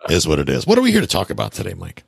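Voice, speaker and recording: Super deep gravelly guy hosting a podcast, laid-back, lots of ups and downs, husky and dry. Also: wildly swooping pitch, rapid-fire, no echo. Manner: laid-back, chuckles often. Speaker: podcast host. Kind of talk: casual podcast chat.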